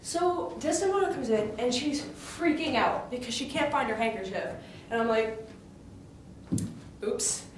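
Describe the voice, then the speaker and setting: A woman's voice: on the high side, animated, unhurried, slight background noise. Chatty woman in an echoey room. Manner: chatty, full of fillers like "like" and "you know". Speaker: student retelling a play in character. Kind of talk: casual in-character retelling. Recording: echoey room, voice far from mic, music behind.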